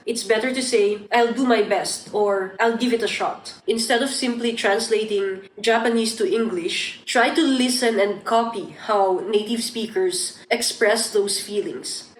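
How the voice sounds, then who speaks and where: A woman teaching English phrases in a scripted lesson, demonstrating example sentences clearly. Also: medium pitch, far from the mic. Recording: roomy echo, voice off-mic.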